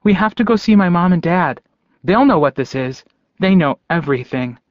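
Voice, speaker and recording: A man voicing an excited, eager young werewolf boy who pelts out breathless questions in a raised voice. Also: high-pitched, moderate pace, dry recording, dull audio, pitched above the performer's own voice.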